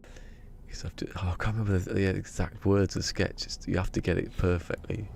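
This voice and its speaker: A man's voice: sits low, level tone, fairly quick, creaky, a little mellow, whispered. A man streaming a video game, rambling and muttering to himself as he plays. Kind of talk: casual live-stream commentary.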